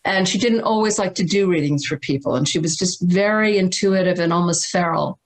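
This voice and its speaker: Over a video call, a woman with a lowish voice appears as a guest and spiritual teacher. She tells a personal story emphatically and dramatically, slowing down and repeating words for stress.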